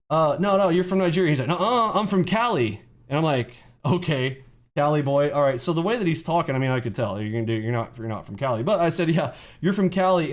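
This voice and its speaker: A man hosting a casual livestream on trading, brash and mocking, rambling as he takes questions from callers. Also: medium pitch. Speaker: trading mentor and show host.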